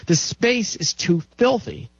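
A man's voice: high voice, very animated, slow, vocal fry, husky, no echo. A man giving an impassioned health lecture in a preachy, emphatic way, chanting repeated lists. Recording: dull dry recording.

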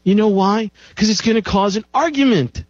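A man's voice: high voice, moderate pace, no echo, highs cut off. A man hosting a show, talking at length about health in an emphatic style and repeating key phrases for effect. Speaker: show host. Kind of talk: health talk monologue.

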